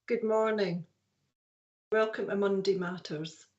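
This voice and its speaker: A woman's voice: medium pitch, fairly even intonation, a little slow, a little mellow, reverberant, muffled recording. A Scottish woman co-hosting a live show, chatting casually and laughing often as she greets viewers. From Scotland. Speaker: co-host and psychic medium.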